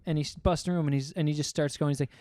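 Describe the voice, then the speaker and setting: Young male podcast co-host, slightly high voice, loose rambling storyteller, dry close mic. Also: steady tone, rapid-fire, darkish tone, dry recording. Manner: rambling storyteller, swears often, acts out quotes. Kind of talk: casual chat.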